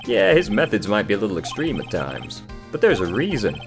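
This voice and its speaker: A man doing a gruff earnest detective. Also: fairly low pitch, sing-song, fairly quick. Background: video game music.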